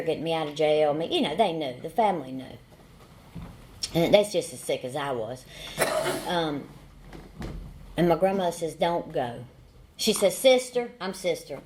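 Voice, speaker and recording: A low-voiced woman in her forties with a Southern American accent gives her recovery testimony as an AA speaker, with a little hiss or hum in the recording. Her storytelling is folksy, with repeated phrases and dry humor.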